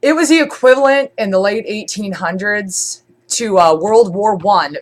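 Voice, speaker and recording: Chatty congested woman, lower voice. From born in Scotland, raised in Germany. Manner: rambling, with many fillers and restarts. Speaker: streamer. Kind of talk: casual chat.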